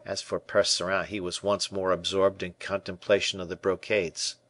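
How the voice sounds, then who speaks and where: A man narrating a classic adventure novel in an expressive audiobook reading. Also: deep voice, normal speed, no echo. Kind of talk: scripted narration.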